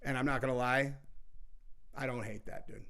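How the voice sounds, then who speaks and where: A man's voice: mid-range voice, steady tone, normal speed, fairly bright tone. Heated, profane male political commentator. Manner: heated, profane, says "dude" often; rambling, with many fillers and restarts. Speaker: political commentary show host.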